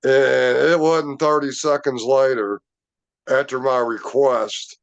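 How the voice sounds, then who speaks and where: A man's voice: medium pitch, steady tone, takes it slowly. A man casually telling a rambling personal story, with many fillers and restarts. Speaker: Bigfoot researcher telling a story.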